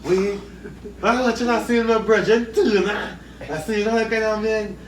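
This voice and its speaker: Animated man talking outdoors. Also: high-pitched, normal speed. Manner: animated, laughs often, gives advice. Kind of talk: casual outdoor chat. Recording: echoey, distant, noisy outdoor ambience.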